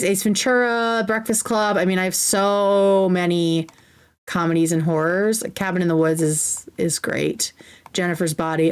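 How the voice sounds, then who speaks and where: A woman hosts a relaxed livestream Q&A from her computer, reading viewer questions aloud and answering each one. Her voice sits at an ordinary middle pitch. She talks in a chatty, enthusiastic way and happily wanders off on tangents. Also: clean tone. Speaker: livestream host.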